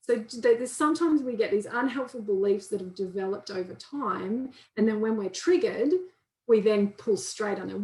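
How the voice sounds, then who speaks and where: A woman's voice: medium pitch, moderate pace, darkish tone, roomy sound, low-quality recording. A woman counsellor giving an informal, conversational training talk and acting out inner voices in quotes. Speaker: counsellor and guest speaker.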